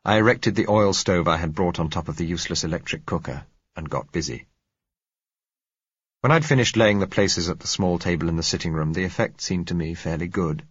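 Low, husky male audiobook narrator. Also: no room sound. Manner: measured, composed storytelling. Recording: slightly dull recording.

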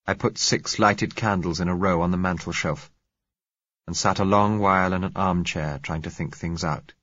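A man narrating a novel in the first person, measured and reflective. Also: low-pitched, fairly even intonation, fairly bright tone, no echo, lo-fi sound.

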